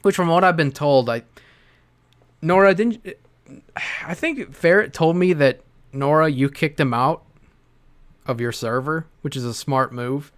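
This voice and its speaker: Male streamer, slightly high voice, casual profane rant with sarcastic asides. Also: measured pace, pauses often, clean tone. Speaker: livestreamer. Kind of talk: livestream rant, reading messages aloud.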